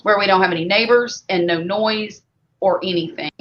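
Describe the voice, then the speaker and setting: Casting note: mid-pitched woman, blunt and emphatic, muffled audio. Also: moderate pace. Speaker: co-host. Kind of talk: casual chat. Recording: dull audio with faint background noise.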